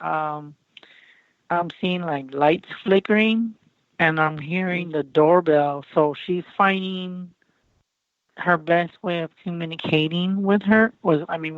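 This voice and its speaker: A man's voice: fairly high pitch, unhurried, no room sound. A man working as a psychic medium on a live call-in show, rambling and emotional, with many fillers and restarts. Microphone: internet voice call. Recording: muffled internet call audio.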